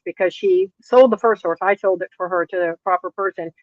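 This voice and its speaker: Middle-aged woman horse trainer, lively storyteller, muffled dry recording. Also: on the low side, quick pace, hardly any pauses, dry recording. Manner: lively storyteller acting out quoted dialogue. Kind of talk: interview storytelling. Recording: dull, dry lo-fi sound.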